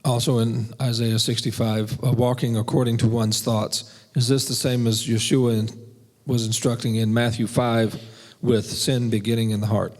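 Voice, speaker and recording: A man reads a listener's question aloud, hesitant and full of small fillers. He speaks in a flat, even tone at a middle pitch. His voice echoes with a long hall reverb. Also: moderate pace. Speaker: question reader.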